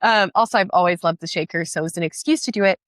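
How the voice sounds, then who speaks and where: A woman chatting as a podcast guest, enthusiastic and quick, with many restarts. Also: lowish voice, a bit bright, dry recording. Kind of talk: casual podcast chat.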